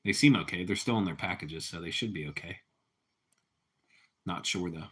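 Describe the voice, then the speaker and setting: A man's voice: deep voice, moderate pace, a bit bright. A man hosting a casual live stream, rambling easily as he chats with viewers and his cat. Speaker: livestream host.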